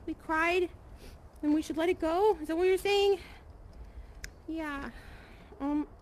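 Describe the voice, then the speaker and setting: A young woman streaming a VR game, talking softly and comfortingly to the players and creatures around her, hesitant, with many ums and sighs. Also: extremely high pitch, slow pace, slight background noise. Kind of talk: casual in-game role-play chat.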